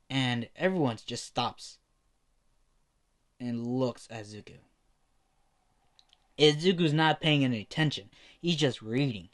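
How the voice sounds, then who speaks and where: A man tells a fan story off the cuff, filling every pause with "you know" and dropping in curses. His voice sits in a middle pitch, and his telling meanders loosely. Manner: rambling, full of "you know" fillers and swearing. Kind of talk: casual fan story narration.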